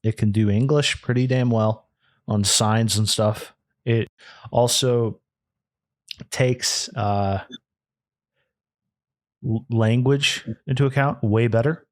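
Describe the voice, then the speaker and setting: A man's voice: medium pitch, fairly even intonation, slow, pauses often, dry recording, studio quality. A man co-hosting a podcast in casual chat, rambling and restarting often. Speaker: podcast co-host.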